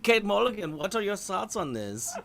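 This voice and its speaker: A man's voice: high voice, big pitch swings, normal speed, gravelly, a bit bright, exaggerated voice. A man playing a vain, flamboyant German male pop star who hosts the show, with a put-on German accent and constant giggles. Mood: hammy. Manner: hammy, self-adoring, giggly. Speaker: host.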